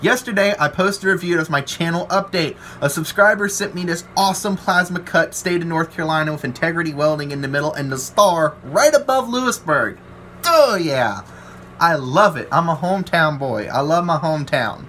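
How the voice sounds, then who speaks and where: A man's voice: a little high, expressive, moderate pace, sharp tone, slight background noise. A man, a welder ranting to his channel about trolls, rambling and aggrieved and acting out what other people said. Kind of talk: ranting to camera.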